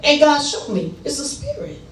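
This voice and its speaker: A woman's voice: high-pitched, huge pitch swings, moderate pace, reverberant, distant mic, a little hiss or hum. A woman preaching a sermon in short, punchy call-and-response bursts, playful and acting out little asides. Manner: playful, acts out asides and quotes.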